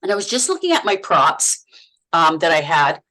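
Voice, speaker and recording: A middle-aged woman from Canada, an actress and podcast guest, telling on-set stories in a lively, laughing way, often repeating words as she goes. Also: low voice, moderate pace, low-quality recording. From Canada, Manitoba. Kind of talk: casual interview chat.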